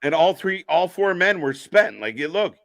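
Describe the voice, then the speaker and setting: A man co-hosting a live wrestling reaction stream, excited, laughing often and shouting out moves. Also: high voice, moderate pace, creaky, dry recording, studio quality. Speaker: wrestling co-host.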